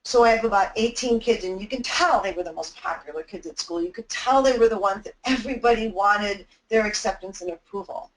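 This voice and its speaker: A woman's voice: mid-range voice, a little fast, hardly any pauses, low-quality recording. Earnest woman telling a heartfelt story. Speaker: anti-bullying speaker. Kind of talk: webinar talk with personal storytelling.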